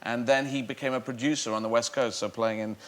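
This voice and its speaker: A man's voice: mid-range voice, steady tone, fast, a bit bright. A middle-aged man, a comedian guest on a chat show, telling rambling stories playfully and laughing often. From England.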